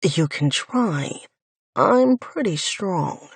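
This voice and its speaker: A cocky, laid-back young man teases with a lazy drawl, as a woman narrator puts him on. The voice sits a little low and comes slowly, with a soft, breathy edge. It sounds close and dry, with no room around it. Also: animated, no room sound, heavily acted. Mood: teasing.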